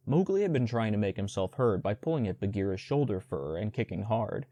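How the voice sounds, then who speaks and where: A man reads a storybook aloud at a measured, even pace. His voice is low-set, warm and mellow. The recording is dry and close, with no room sound. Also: no echo. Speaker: audiobook narrator. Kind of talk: storybook audiobook reading.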